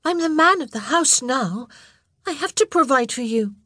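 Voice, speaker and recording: A woman's voice: high-pitched, expressive, moderate pace, pushed and bright, dry recording, clean studio sound, pitched above the performer's own voice. A woman voicing an earnest, solemn little boy trying to act brave in an audiobook.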